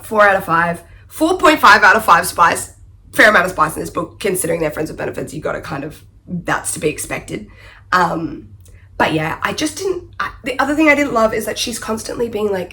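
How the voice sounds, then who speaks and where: A woman vlogger chats about books in a casual, animated way. Her voice has a gravelly fry. She restarts her sentences and keeps apologizing for her opinions. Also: medium pitch, a little fast. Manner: chatty, apologetic, full of "like" and trailing restarts; animated, emphatic, playfully apologetic. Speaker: book vlogger. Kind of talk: casual book review chat.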